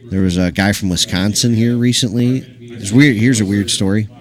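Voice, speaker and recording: Fairly low-pitched and moderately paced, this man runs a small pool club and hosts a stream. He rambles through a casual story full of fillers and occasional swearing, while his live stream mic catches the hall's crowd noise and players chatting.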